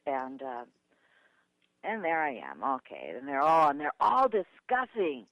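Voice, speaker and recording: Older Midwestern woman guest, very lively pitch, heard over a muffled line. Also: measured pace, no echo. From Milwaukee, USA. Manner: lively, dramatic shifts of pitch and voice when retelling. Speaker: guest speaker and author. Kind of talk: animated storytelling interview.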